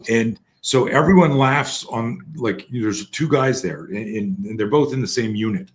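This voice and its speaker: A man's voice: medium pitch, lively intonation, slow, noisy background. A man, a guest fear-management trainer, telling long anecdotes in casual talk with many restarts and fillers. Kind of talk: casual storytelling.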